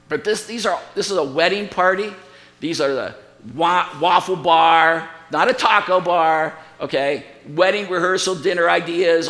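A man preaching a sermon as pastor, in an animated, conversational way with frequent restarts and emphatic repetition. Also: high voice, gravelly, in a large hall. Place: church sanctuary.

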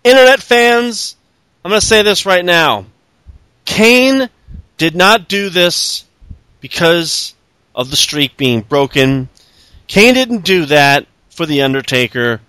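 Man, podcast host, sarcastic, profane, high bright voice, dry close mic. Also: expressive, slow, clean tone, dry recording. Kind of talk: casual wrestling recap chat.

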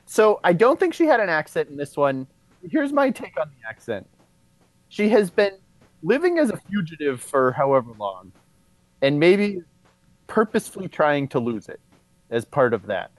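Animated man retelling stories on a podcast. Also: a little high, moderate pace, no echo. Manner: animated storyteller, acts out quotes. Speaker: podcast co-host. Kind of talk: casual chat.

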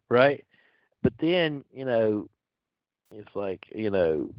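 A man's voice: medium pitch, lively intonation, slow pace, long pauses, no room sound, highs cut off. A man talking reflectively and loosely about faith on a group call, with many fillers. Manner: reflective, rambling, lots of fillers. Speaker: community call participant. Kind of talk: casual spiritual talk on a group call.

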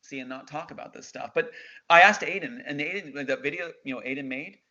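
The voice is a little high, fairly quick and sharp, belonging to a middle-aged man telling his story as an interview guest. He's intense and insistent, quoting other people, and the recording has a dull lo-fi quality.

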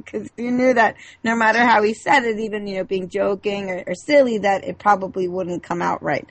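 A woman's voice: mid-range voice, steady tone, a little fast, few pauses. Chatty woman podcast co-host. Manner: chatty, rambling with fillers. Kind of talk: casual chat.

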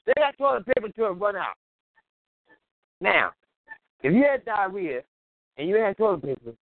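A man's voice: high-pitched, no room sound. Laughing man rambling on a tinny line. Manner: laughs often, acts out scenes in quoted voices. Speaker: radio show host. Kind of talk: casual comedic monologue. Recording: tinny phone-line call-in audio.

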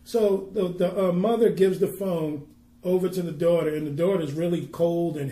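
A man's voice: high-pitched, fairly even intonation, dark tone. Earnest male minister in an echoey room. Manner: tells a story earnestly, then reads scripture slowly and emphatically. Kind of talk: preaching and storytelling on a podcast.

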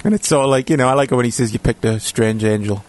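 A man's voice: medium pitch, fast, darkish tone. A man, co-hosting a casual film podcast and talking bluntly, swearing freely. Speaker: podcast co-host.

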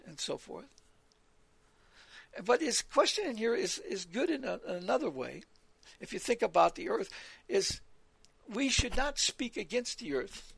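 Guy preaching on scripture, high voice w lots of gravel, earnest, restarts words. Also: dry recording. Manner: earnest, repeats words, quotes scripture aloud. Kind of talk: sermon-style Bible teaching.

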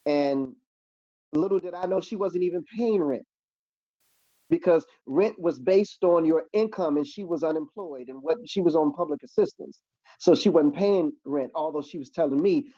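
A man's voice: fairly high pitch, lively intonation, normal speed, mellow, no room sound, dull audio. A man giving a spoken faith testimony as a radio show host, preaching and repeating words when moved.

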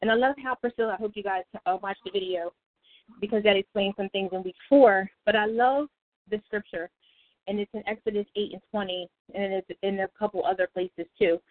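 A woman's voice: mid-range voice, fairly even intonation, a little fast. Woman running a prayer call, chatty and laughy, sounds like a phone line. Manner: chatty, laughs often, self-interrupting. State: out of breath. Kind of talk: casual Bible study talk.

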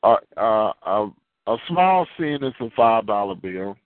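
A man's voice: lowish voice, sing-song, measured pace, no room sound. A man preaching a sermon in a conversational way, asking the listeners questions and answering them himself. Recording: tinny phone-line sound, dry.

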